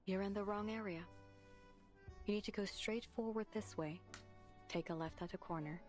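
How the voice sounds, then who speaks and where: A woman voicing a composed female doctor in a game, brisk and quietly sly. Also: medium pitch, music in the background, natural voice.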